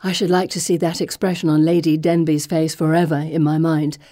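A woman voicing a bold, self-assured young woman with a crisp, teasing manner. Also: sits low, little pitch movement, fairly quick, warm tone, dry recording, studio quality, natural voice. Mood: satisfied.

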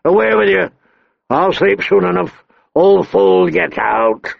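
A man voicing a hoarse, hot-tempered dying king who talks gruffly and halts with pain, in a dull lo-fi dry recording. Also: fairly high pitch, very animated, no room sound, full character voice. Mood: angry. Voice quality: hoarse, gravelly. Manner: gruff, blustering, halting with pain.

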